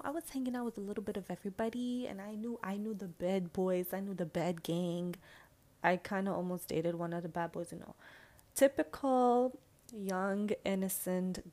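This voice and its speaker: A young woman hosting a casual solo podcast, talking in an animated, chatty way, swearing casually and slipping into playful voices. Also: mid-range voice. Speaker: podcast host.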